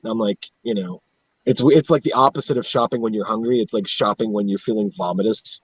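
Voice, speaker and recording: A man's voice: on the low side, fairly quick, breathy edge, no room sound, dull audio. A man from central upstate New York, chatting casually and rambling, swearing a lot and laughing at his own stories. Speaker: guest on a live stream. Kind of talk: casual chat.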